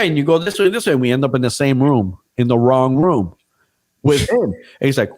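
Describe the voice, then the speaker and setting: A man's voice: medium pitch, lively intonation, fairly quick, a little mellow. A man casually telling a story on a podcast, swearing freely and acting out what other people said.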